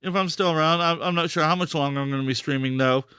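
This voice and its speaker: A man's voice: fairly high pitch, fast, bright, forceful tone, clear, resonant tone, dry recording, studio quality. A man hosting a live stream, talking casually and repeating himself in disbelief, stammering for words. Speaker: podcast host and streamer.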